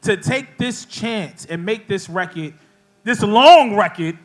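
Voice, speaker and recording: A middle-aged man co-hosting a podcast in front of a live crowd, teasing his partner, swearing freely and sometimes laughing loudly. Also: sits high, lively intonation, takes it slowly. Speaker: podcast co-host. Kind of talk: casual banter with a live audience.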